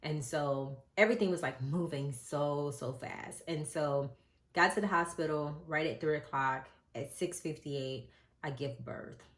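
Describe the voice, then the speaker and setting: A woman's voice: sits low, measured pace. A middle-aged woman vlogger telling a candid, emotional personal story to the camera, rambling with many fillers and showing keepsakes as she talks. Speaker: vlogger and mother.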